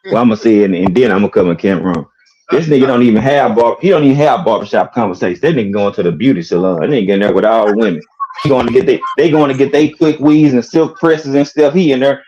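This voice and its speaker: A man co-hosting a podcast over a video call, mocking someone in a lively, storytelling way. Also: medium pitch, quick pace, lo-fi sound, slight background noise. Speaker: podcast co-host. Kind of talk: casual roast chat. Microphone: video call with camera off.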